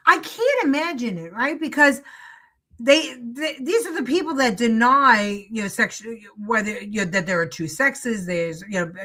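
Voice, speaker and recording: A woman's voice: a little high, bright, forceful tone. A woman hosting a political talk show, chatting casually and reading viewer comments, with lots of fillers and restarts. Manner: chatty, laughs often, many fillers and restarts.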